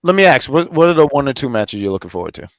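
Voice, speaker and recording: Lively, jokey male podcast host. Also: mid-range voice, very fast, no room sound. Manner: lively, jokey, stumbling over words. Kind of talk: casual podcast chat.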